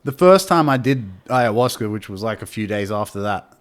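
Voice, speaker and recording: Low-voiced man, rambling and swearing. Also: animated, normal speed. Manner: rambling, swearing, laughing, heavy slang. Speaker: podcast guest. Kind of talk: casual storytelling.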